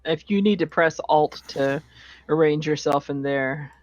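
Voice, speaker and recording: A game master narrating a tabletop game at a slow, unhurried pace, with a relaxed manner and plenty of fillers. The voice sits in a middling register, and the audio is dull and slightly lo-fi, like an online call. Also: medium pitch, no room sound. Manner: relaxed and hesitant, many fillers.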